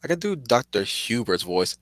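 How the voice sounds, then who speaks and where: A man streaming casual, digressive commentary; he gets excited, laughs often and apologizes for getting sidetracked. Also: mid-range voice, no echo.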